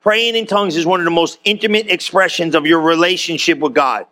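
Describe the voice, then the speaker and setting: A man's voice: a little high, fairly quick, bright, forceful tone. A man preaching a sermon to a church congregation, throwing questions back at the crowd. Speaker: pastor.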